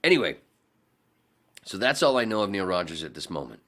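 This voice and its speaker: Low-voiced, animated storytelling man. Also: fairly quick. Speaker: podcast guest. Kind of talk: casual storytelling chat.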